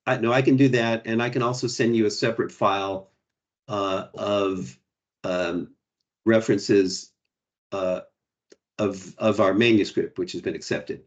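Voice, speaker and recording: Low-voiced man answering questions hesitantly. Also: fairly even intonation, a little slow, highs cut off. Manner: hesitant, restarts, frequent "you know" and "right". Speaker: guest presenter. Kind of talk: academic Q&A answers.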